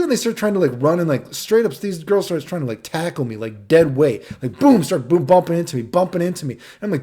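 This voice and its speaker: A man's voice: on the high side, very animated, a little fast, hardly any pauses, warm tone, breathy edge. Casual profane storytelling guy. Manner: casual, profane, rambling with "right?" tags. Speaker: vlogger. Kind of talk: storytime monologue.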